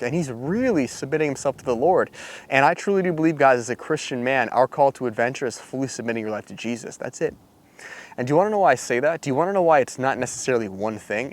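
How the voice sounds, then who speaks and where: Animated, preachy man with many fillers. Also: mid-range voice. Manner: animated, lots of fillers and rhetorical asides. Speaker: Christian men's coach. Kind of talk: casual preachy talk to camera.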